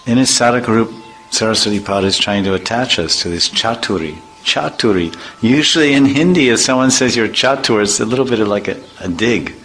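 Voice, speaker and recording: A man's voice: on the low side, brisk, a bit bright, faint music behind, poor audio. A man, a spiritual teacher, giving an informal devotional talk with humorous storytelling and vivid imitations.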